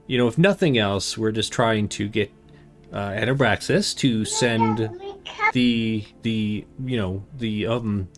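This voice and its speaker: A man's voice: lowish voice, faint music behind. A man voicing a tired, flustered mother who stumbles over her words. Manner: stumbling, hesitant, halting.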